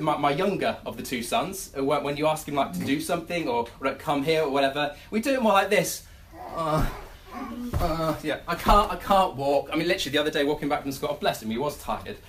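A preacher giving a sermon, telling everyday stories with many restarts and quick acted-out asides. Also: medium pitch. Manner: animated storytelling with many restarts.

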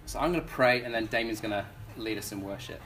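A young man preaching a sermon at a church gathering. He speaks earnestly and pleadingly, often restarting his words, and his voice swings between bursts of intensity and softer, slower moments. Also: on the low side, a little hiss or hum.

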